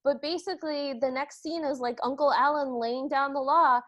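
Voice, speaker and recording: Woman podcast co-host, high voice, wry chatty movie recap. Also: fairly even intonation, moderate pace, a bit bright. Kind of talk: casual chat recapping a movie.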